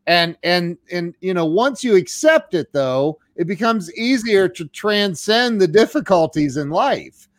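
Male interview host, slightly high, laughs easily, dry. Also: animated, no room sound. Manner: laughs easily, halting stammered restarts. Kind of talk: casual interview chat.

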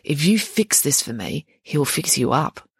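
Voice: mid-range voice, sing-song, a little slow, breathy edge, dry recording, clean studio sound, full character voice. A reader voicing a tough, blunt teenage girl inmate, pushy and slangy.

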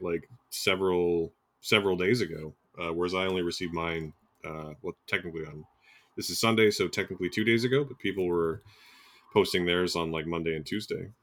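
A man's voice: deep voice, a bit bright. A man in his thirties hosting a podcast in casual chat, hesitant and self-deprecating, with lots of fillers and restarts. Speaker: podcast host.

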